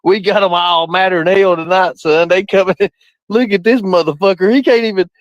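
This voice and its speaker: Brief: a high-voiced man who streams live, swears freely and keeps cracking up, on a muffled recording. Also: steady tone, fairly quick, no room sound. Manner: laughing nonstop, profane. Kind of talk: casual live-stream chat. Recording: dull lo-fi dry sound.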